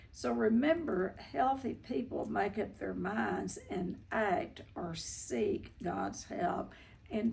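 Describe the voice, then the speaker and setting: An older woman hosting a recovery talk, teaching about codependency in a slow, folksy way over a video call. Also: medium pitch, creaky, a little mellow. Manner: slow, folksy, repeats herself.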